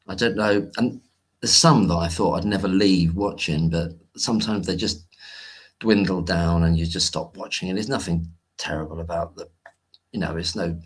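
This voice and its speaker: A man with a low, husky voice chats loosely on a home livestream. He rambles and restarts his sentences as he greets people in the chat one by one. Recorded on a home computer mic. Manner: rambling, hesitant, greets chat viewers warmly. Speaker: livestream host. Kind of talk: casual live-stream chat.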